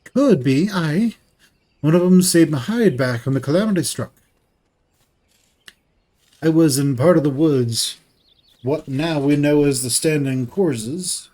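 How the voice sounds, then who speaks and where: A man voicing a gruff, rough-spoken mount breeder in a game reading, with a put-on, shaky Eastern European accent and rambling, folksy storytelling. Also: on the high side, a little slow, pauses often, mellow. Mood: earnest.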